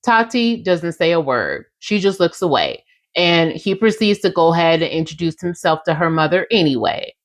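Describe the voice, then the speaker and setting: A young woman hosts a laid-back podcast, recapping a reality show with chatty sass, acting out quotes and talking directly to her listeners. Her voice is on the lower side with big swings in pitch, and she speaks at a normal speed.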